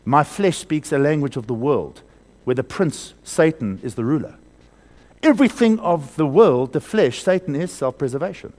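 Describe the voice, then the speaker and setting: Male preacher, slightly high, very animated pitch, sermon delivery with loud and hushed swings and call-and-repeat. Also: moderate pace. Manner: asks the congregation questions and has them repeat words.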